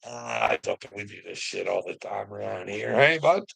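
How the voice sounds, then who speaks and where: A man's voice: fairly low pitch, expressive, normal speed, creaky, pushed and bright, breathy edge. A man ranting profanely at someone, mocking and angry, with laughs between lines. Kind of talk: ranting livestream talk.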